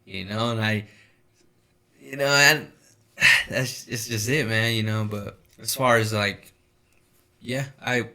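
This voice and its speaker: A man's voice: on the low side, takes it slowly, pauses often, bright, forceful tone. A young man co-hosting a casual podcast chat, rambling at length with lots of swearing and "you know, like" fillers. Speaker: podcast co-host.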